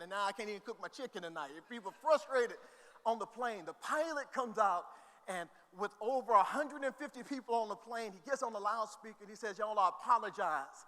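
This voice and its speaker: Guy preaching, high bright voice, long church reverb, gets loud and shouty. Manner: builds from quiet scripture reading to shouted preaching. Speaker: pastor. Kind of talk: sermon. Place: church hall.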